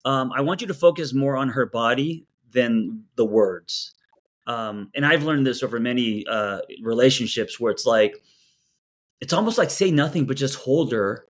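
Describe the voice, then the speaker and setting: A man coaching a couple through a therapy session, talking in an earnest, animated way and often repeating words as he starts a thought. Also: mid-range voice, moderate pace. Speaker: relationship coach.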